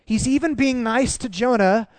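A male pastor preaching a sermon in an animated, emphatic way, often restarting phrases. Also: extremely high pitch, normal speed, no room sound.

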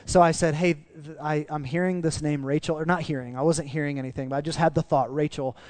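A man preaching a sermon, telling stories in a conversational, earnest way that drops soft for emotional moments. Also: a little high, steady tone, fast talker, no room sound. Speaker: pastor. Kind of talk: sermon with storytelling.

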